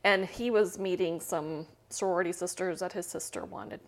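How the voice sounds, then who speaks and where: A woman's voice: fairly low pitch, moderate pace. A woman in her fifties from Central America, a guest telling her story in a casual, chatty way, full of fillers and light laughs. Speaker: interview guest.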